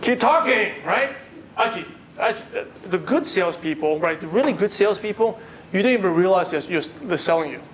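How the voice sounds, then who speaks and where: A sales trainer runs a live workshop in a meeting room, asking the audience questions and echoing their answers back. His high voice is expressive and a bit fast, and there's a little hiss or hum.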